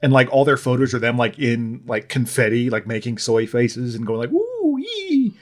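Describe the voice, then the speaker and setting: A man from the American Midwest talks through a movie on a podcast he co-hosts, his medium-pitched voice brisk and flat. It's a casual review chat, wry and opinionated, with him thinking aloud.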